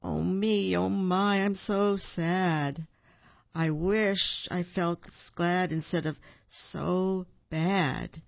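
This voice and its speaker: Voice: medium pitch, steady tone, gravelly, no echo, highs cut off. A reader doing Buford, a mopey sad bear. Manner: moaning, sighing, slow. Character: sad big male bear, mopey and gloomy.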